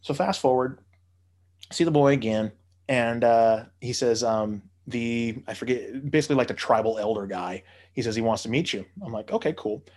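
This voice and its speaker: Brief: male raconteur, mid-range pitch, swears freely, laughs through his own anecdotes. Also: moderate pace, darkish tone. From United States. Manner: profane, laughing, mimics people in quotes. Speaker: podcast storyteller. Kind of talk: casual storytelling.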